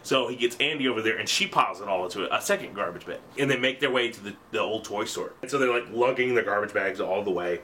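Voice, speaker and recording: A young man casually retelling a story in an animated, profane, rambling way. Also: lowish voice, fast talker, few pauses, a little hiss or hum.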